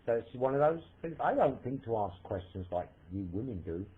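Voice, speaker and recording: A man's voice: mid-range voice, big pitch swings, brisk, husky. A man in a voice chat room, defensive and hesitant, rambling as he explains himself. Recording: tinny phone-like line.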